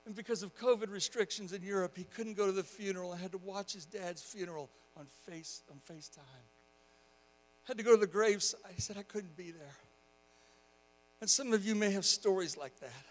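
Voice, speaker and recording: A male pastor preaching a sermon, telling a story quietly and then rising into loud, impassioned exhortation. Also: high voice. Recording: long hall reverb.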